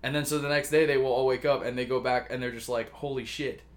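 A man's voice: mid-range voice, steady tone, quick pace. Rambling, cussing guy telling a story. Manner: rambling, swears a lot, many fillers. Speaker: podcast co-host pitching a story. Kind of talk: casual chat, retelling a story.

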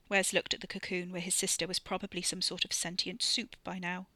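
A woman reads a novel aloud in a steady, measured narration. Her voice is bright and clear, recorded close and dry with no room sound. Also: on the low side, dry recording. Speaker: audiobook narrator. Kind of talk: scripted narration.

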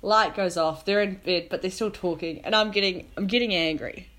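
A woman's voice: fairly low pitch, a little fast, a bit bright. A young woman co-hosting a podcast, telling a travel story in casual chat, acting out her own lines with lots of "like". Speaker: podcast co-host.

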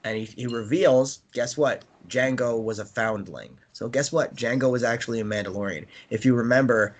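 An American man chats casually, rambling with lots of fillers and restarts and laughing often as he talks. His voice is medium in pitch, at a normal speed.

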